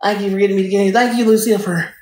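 A woman's voice: medium pitch, fairly even intonation, racing, darkish tone. Woman goofing around on a live stream, cussing at chat, echoey room. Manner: playful, profane, talks straight to the chat. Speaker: livestream host. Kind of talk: casual livestream chat. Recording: echoey room, faint noise.

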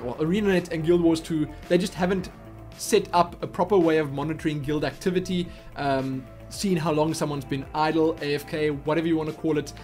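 A man with a somewhat high voice talks casually into his webcam from his computer desk, rambling and poking fun at himself. Faint music plays quietly underneath. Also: steady tone, fairly quick, few pauses. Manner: rambling, self-deprecating, chatty. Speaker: channel host answering viewer questions. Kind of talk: casual Q&A chat. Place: at a home computer. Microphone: webcam microphone.

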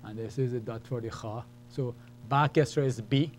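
A man gives a classroom lesson in a patient, step-by-step way, repeating key points and checking in with the learners. His voice sits at an ordinary middle pitch. A faint hum runs underneath the recording. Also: moderate pace. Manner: patient, repetitive, explains step by step. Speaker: Arabic teacher.

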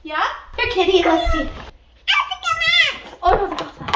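A flustered woman playing a harried pet sitter in a kids' pretend game. Her voice is very high and jumps around a lot in pitch. She is recorded from far off in an echoey room, with clear noise behind her. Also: sing-song, a little slow. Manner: fretful, flustered pretend play. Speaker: pretend pet daycare worker. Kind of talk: pretend play for kids. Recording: roomy, distant, noisy home recording.

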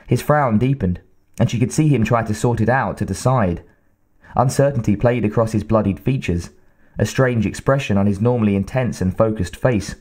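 A man reading a sci-fi novel aloud in a measured, dramatic narration style. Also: lowish voice, darkish tone. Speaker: audiobook narrator.

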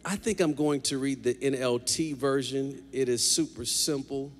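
A man preaching a lively sermon as pastor, joking with the congregation in a large church. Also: mid-range voice, moderate pace, faint music behind. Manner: animated preaching, jokes with the congregation. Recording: long hall reverb.

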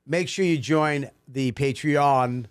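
A man's voice: medium pitch, takes it slowly, smooth. A man co-hosting a comedy podcast, talking in loose, profane banter and slipping into mocking voices.

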